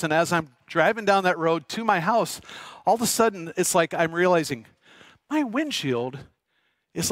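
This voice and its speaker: A middle-aged man preaching a sermon, telling a lively personal story and asking the congregation questions. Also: fairly high pitch, dry recording. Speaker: pastor. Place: church sanctuary.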